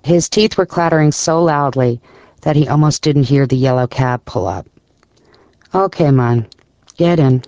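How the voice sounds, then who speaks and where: Give me a man reading a story aloud, measured and descriptive, with a dry, close sound. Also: on the high side, darkish tone, no room sound, dull audio. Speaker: audiobook narrator. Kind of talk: scripted narration.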